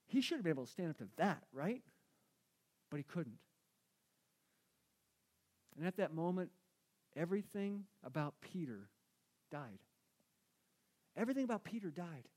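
A male preacher with a fairly high voice for a man, delivering a sermon in a loose, conversational way. He leans on emphasis and says his key lines twice to drive them home. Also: big pitch swings, normal speed, pauses often, darkish tone. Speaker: pastor.

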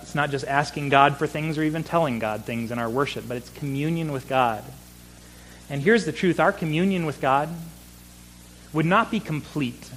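Pastor guy preaching, earnest, kinda high voice, little hum in the background. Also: fairly bright tone, low-quality recording. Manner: earnest, repeats words when stressing a point. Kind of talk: sermon.

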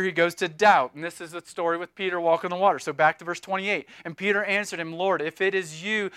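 High, bright-voiced preacher with emphatic swings. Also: male voice, smooth, no echo, clean studio sound. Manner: emphatic, swings from loud to hushed. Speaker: pastor. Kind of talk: sermon.

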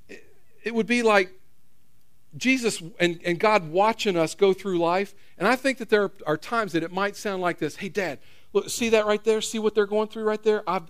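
A man's voice: sits high, fairly bright tone. A middle-aged man preaching a casual, conversational sermon in a church, repeating phrases and putting questions to the congregation. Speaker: pastor.

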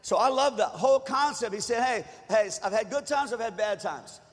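A high-pitched man preaching a sermon in a church, his voice carrying a long hall reverb. He talks easily with the congregation and builds to loud calls for them to join in. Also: lively intonation, normal speed, husky. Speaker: pastor.

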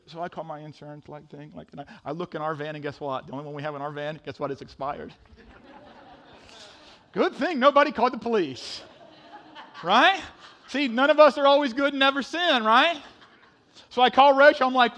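A middle-aged man preaching a sermon, telling a funny story with animated swings from loud to hushed. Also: on the high side, normal speed, long pauses. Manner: animated storytelling, sudden drops to a hush. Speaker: pastor.

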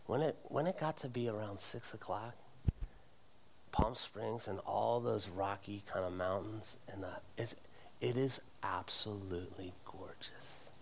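A middle-aged man preaching a sermon in church, with animated delivery that climbs to emphatic peaks. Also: fairly low pitch, slight background noise. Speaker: pastor. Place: church sanctuary.

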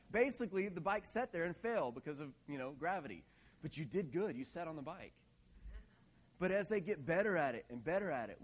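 A middle-aged man preaching a sermon in a church hall, lively and laughing often, acting out quoted voices. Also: fairly high pitch. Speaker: pastor.

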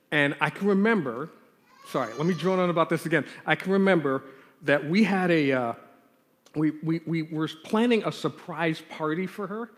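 Animated man preaching in a reverberant hall. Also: a little high. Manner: animated storyteller acting out his childhood scenes. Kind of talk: storytelling sermon with prayer.

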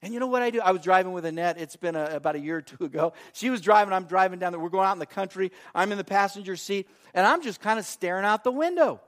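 High-pitched middle-aged pastor guy, animated sermon, repeats himself a lot. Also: quick pace, hardly any pauses. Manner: animated storyteller, repeats phrases, acts out quotes.

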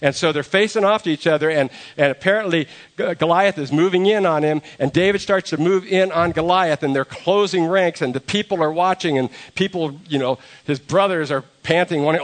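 A man pastor giving a conversational sermon, retelling a story with animated asides and jokes. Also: a little high, brisk.

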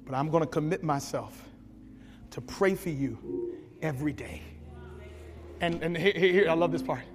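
A man preaching a sermon, telling stories with big shouts and sound effects. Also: on the high side, moderate pace, big-room sound. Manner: animated storytelling, shouting at peaks, sound effects. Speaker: pastor.

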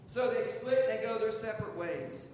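A man preaching in a high voice tells the story in a folksy way and acts out each quote. He is heard in a large hall with a long echo. A faint hiss sits underneath. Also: normal speed, darkish tone. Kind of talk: sermon. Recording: echoey hall with long reverb and faint noise.

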